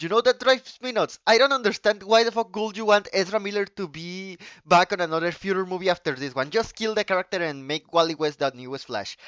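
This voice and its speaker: Male streamer whose first language is Spanish, with a fairly high, smooth voice. He rants in a quick, excitable way, swears freely and restarts his sentences. The sound is dry and slightly muffled. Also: no echo. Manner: excitable, profane ranting with restarts. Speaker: live streamer. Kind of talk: casual live-stream chat.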